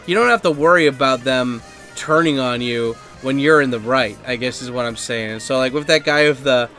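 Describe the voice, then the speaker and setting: A man's voice: medium pitch, a little fast, pushed and bright, faint music behind. A man telling a story on a podcast in a casual, rambling way, swearing and using many fillers. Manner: rambling, profane, heavy on fillers and acted quotes. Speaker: podcast host.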